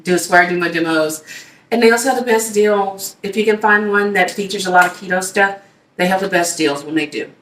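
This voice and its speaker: A woman's voice: mid-range voice, fairly quick, fairly bright tone, a little hiss or hum. Chatty woman in an echoey kitchen. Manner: chatty, upbeat, talks straight to viewers. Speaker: cooking video host. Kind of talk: casual cooking demo. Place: home kitchen. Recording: echoey room, mic at a distance.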